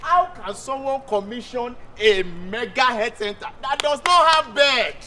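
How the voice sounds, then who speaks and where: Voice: mid-range voice, moderate pace, slight background noise, natural voice. A performer with a Nigerian accent playing a cheeky young aide who teases his boss in a stage play skit. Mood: mocking. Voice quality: animated, teasing, then pleading.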